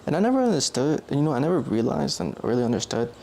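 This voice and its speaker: A young man vlogs in a quick, sing-song, slightly mellow voice of medium pitch with some creak, over slight background noise. His casual monologue rambles, and he keeps correcting himself and filling gaps with "like."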